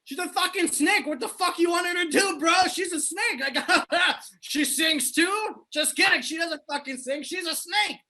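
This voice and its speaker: Performer voicing a brash male alien fanboy, very high and bright, swings wildly in pitch, live improv comedy. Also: moderate pace, few pauses. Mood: defensive. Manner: brash, shouty, swears, calls people man and bro. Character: hyper male alien boy-band fanboy with pet snake. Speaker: interview guest in an improv sketch.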